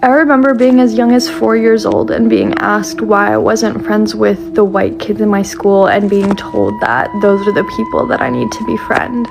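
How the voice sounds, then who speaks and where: A woman's voice: mid-range voice, wildly swooping pitch, moderate pace, gravelly, hardly any pauses, over music. Earnest woman telling her story. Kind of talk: personal story to camera.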